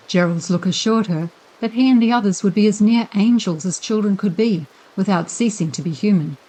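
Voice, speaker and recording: Woman narrator for a sleep audiobook, calm and even, mid pitch. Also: moderate pace, poor audio.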